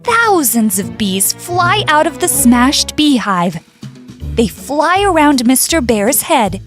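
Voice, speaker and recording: A woman narrating a children's fable in an expressive read-aloud style. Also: sits high, slow, soft background music. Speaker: storyteller. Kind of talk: scripted storybook narration.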